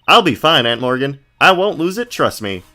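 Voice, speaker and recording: A man voicing a bubbly young woman medium in a game. She talks in a chirpy, upbeat way, pitched high and bright. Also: sing-song, moderate pace, faint music behind.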